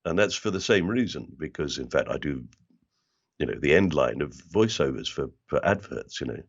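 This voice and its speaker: An older South London man with a London accent is a guest in a casual interview, telling stories animatedly and slipping into other people's voices. His voice is extremely low, gravelly and a bit breathy, at a moderate pace, and the recording sounds muffled.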